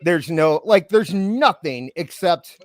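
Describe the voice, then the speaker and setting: A man chatting on a live stream as a co-host, easygoing and quick to laugh. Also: a little high, expressive, dry recording, clean studio sound. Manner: easygoing, laughs often, conversational. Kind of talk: casual live stream chat. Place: remote stream setup.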